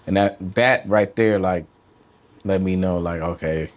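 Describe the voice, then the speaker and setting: Man, very low voice, relaxed slangy talk, musician guest in a studio interview. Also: unhurried. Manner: relaxed, slangy, trails off and restarts.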